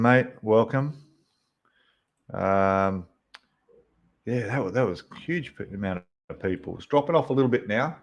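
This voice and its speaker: A low-pitched man hosts a relaxed livestream from his hobby room. He reads viewer names out of the chat and greets each one in a friendly way. He talks with plenty of ums and restarts, and his voice sits a little on the low side. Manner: frequent ums and mid-word restarts. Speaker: livestream host.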